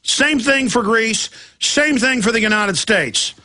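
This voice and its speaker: A man's voice: extremely high pitch, slow, bright, forceful tone. A middle-aged man hosting a talk radio show, delivering an impassioned, ranting monologue and mimicking opponents' voices. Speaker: radio host.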